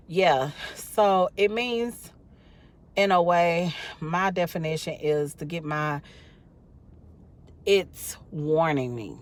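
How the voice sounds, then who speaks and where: A tired, sleepy woman, rambling casually to her viewers with lots of fillers. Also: low voice. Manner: rambling, chatty, many fillers. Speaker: vlogger. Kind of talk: casual talk to camera.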